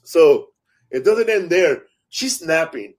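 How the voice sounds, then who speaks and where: A man's voice: on the high side, slow pace. A man, a stand-up comic, telling stories in casual chat, acting out quotes and swearing freely. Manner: animated storyteller, acts out quotes, swears freely.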